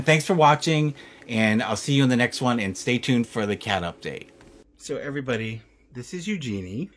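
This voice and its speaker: A man's voice: on the low side, husky. A man talking casually at home on his vlog about his rescue cats, chatty and repeating himself. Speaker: vlogger and cat rescuer.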